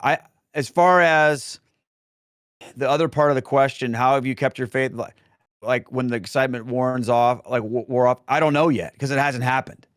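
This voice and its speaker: A middle-aged man talks through his answers in an easygoing, unscripted way, circling back and restarting his sentences. His voice is smooth and resonant, and the recording is dry and close. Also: mid-range voice, moderate pace, dry recording. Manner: rambling with frequent restarts and fillers. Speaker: guest, Catholic speaker and former pastor. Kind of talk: casual Q&A answers.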